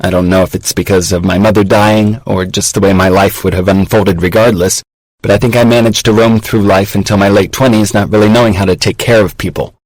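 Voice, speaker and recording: A man narrating an audiobook in a measured, reflective way, recorded on a close studio mic. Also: on the low side, steady tone, dry recording, rough recording. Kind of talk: scripted narration.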